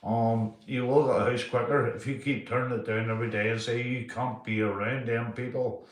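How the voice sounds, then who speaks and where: This is casual live-stream chat from a man whose mid-range voice stays steady at a moderate pace in an echoey room. He reads viewers' names aloud, curses freely and peppers everything with "mate."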